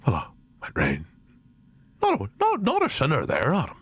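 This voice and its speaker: A man puts on a crotchety, foul-mouthed old butcher with a Northern Irish accent, rambling through a yarn in a strained, high voice that swoops up and down. The sound is close and dry, with no room around it. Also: wildly swooping pitch, normal speed, fairly bright tone, slightly rough, no echo, heavily acted. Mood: storytelling. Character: foul-mouthed elderly male butcher shop owner. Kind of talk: improvised comedy sketch.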